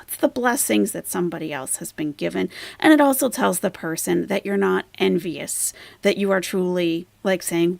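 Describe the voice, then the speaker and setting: A woman's voice: lowish voice, moderate pace, gravelly, hardly any pauses, no echo. A woman hosting a reaction commentary, mocking the person in the clips she plays. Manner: scornful, mocking. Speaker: commentary channel host.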